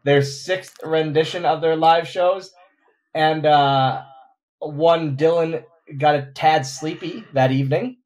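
Halting self-mocking man host. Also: on the high side, fairly even intonation, a little mellow. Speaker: podcast host. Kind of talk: casual chat.

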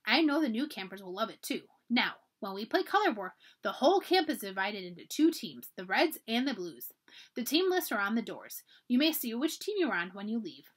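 A woman's voice: fairly high pitch, very animated, normal speed, breathy edge. A woman voicing a kindly, encouraging camp director as she reads a children's book aloud. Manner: gentle, encouraging storybook voice.

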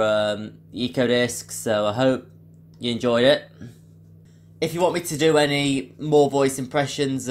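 A man with a deep voice hosting a casual video, talking in a relaxed, hesitant way with frequent fillers. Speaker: video host. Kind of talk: casual vlog talk.

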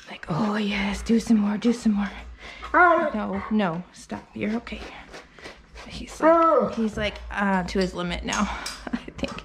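A woman grooming a dog, talking casually and coaxing it softly as she works. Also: mid-range voice, noisy background. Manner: soothing and coaxing, talks to the dog. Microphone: phone.

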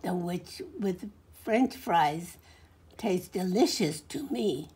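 A woman voicing a mean, hungry male dragon in a picture book read aloud, with a slow, gloating drawl. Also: fairly low pitch, lively intonation, darkish tone, breathy edge, exaggerated voice.

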